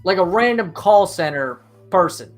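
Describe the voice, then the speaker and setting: A man's voice: high-pitched, animated, normal speed, soft background music. A man who is a physician, hosting a casual interview and reacting with short questions and remarks. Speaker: host, physician.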